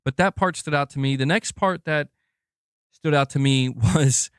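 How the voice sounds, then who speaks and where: A man hosting a gaming channel, reviewing a game in a casual livestream, rambling and excitable, swearing freely. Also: fairly high pitch, unhurried, smooth, no echo, clean studio sound.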